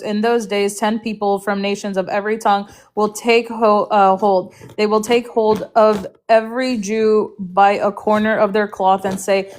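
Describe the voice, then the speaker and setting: A woman in a live stream debate, reading scripture aloud and pressing questions. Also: medium pitch. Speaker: debate participant.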